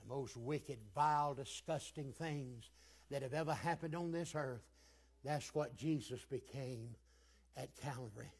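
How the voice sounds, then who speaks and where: A man preaching a sermon, dropping to a hush and then building to shouted, chanting climaxes. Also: unhurried, husky. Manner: swings from hushed low lines to shouted climaxes.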